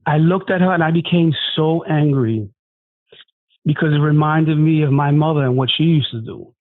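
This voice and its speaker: A man shares his testimony in an earnest, halting voice, often stopping and restarting his sentences. His voice sits a little high for a man. The sound is thin and dry, like a phone line. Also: no echo. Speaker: guest sharing a testimony. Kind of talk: emotional personal testimony.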